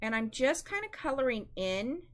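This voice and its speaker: A woman's voice: a little high, sing-song, normal speed. A woman hosting a live-stream craft demonstration, chatty and instructive, often calling her viewers "guys.".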